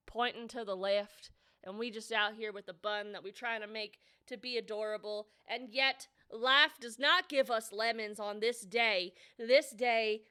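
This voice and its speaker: A bubbly woman streamer with a high, slightly nasal voice and a bright, sharp edge, chatting casually with her viewers. She greets each chatter by name in easy, playful back-and-forth. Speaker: livestreamer. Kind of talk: casual livestream chat.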